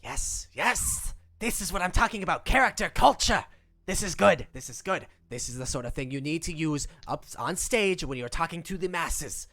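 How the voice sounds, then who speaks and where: A man voicing a small, gravelly male gnome official who is eager and a little pompous, with a habit of saying "yes, yes.". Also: on the high side, moderate pace, few pauses, a bit bright, natural voice. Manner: fussy, repeats "yes, yes".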